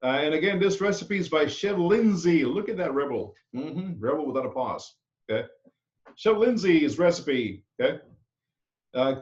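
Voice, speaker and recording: A male culinary instructor leads his class with a chatty, loose delivery, ending his points with "okay?". His voice sits fairly high for a man. The classroom recording sounds dull and lo-fi. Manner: chatty, tags sentences with "okay?". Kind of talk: classroom lecture.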